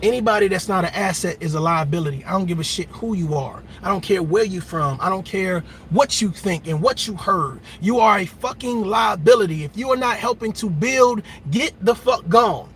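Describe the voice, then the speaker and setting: A man hosting a reaction channel, delivering a loud, emphatic and mocking rant that keeps repeating itself. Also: high voice, a little fast, few pauses, a little hiss or hum.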